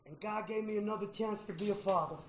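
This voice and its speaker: A middle-aged man telling his recovery story to a meeting, emotional, with a preacher-like rhythm, going from hushed to shouting and repeating "man.". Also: high-pitched, quick pace, roomy sound, background noise. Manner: preacher-like, repeats phrases, says "man" often. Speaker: recovery speaker at a fellowship meeting. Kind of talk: personal testimony to an audience.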